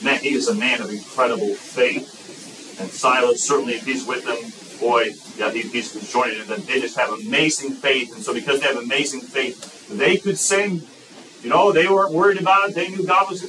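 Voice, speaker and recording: A man preaching a sermon as pastor, lively and emphatic, breaking into excited shouts. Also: mid-range voice, normal speed, far from the mic, noisy background.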